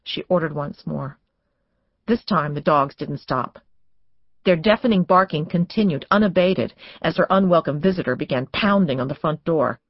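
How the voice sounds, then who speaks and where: A woman reading a suspense novel as audiobook narrator, in measured, tense storytelling. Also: deep voice, no echo, lo-fi sound. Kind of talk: scripted narration.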